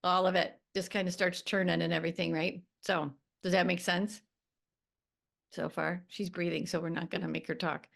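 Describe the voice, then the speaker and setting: A woman co-host coaching her partner, calm and reassuring, with plenty of fillers. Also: on the low side, normal speed, gravelly. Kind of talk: gentle coaching talk.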